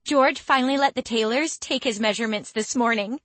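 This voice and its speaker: A woman's voice: fairly high pitch, a little fast, fairly bright tone, no echo, voice pushed up. A woman reading an audiobook voices a bubbly young female student who gushes eagerly. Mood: excited. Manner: eager, gushing. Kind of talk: audiobook character voice.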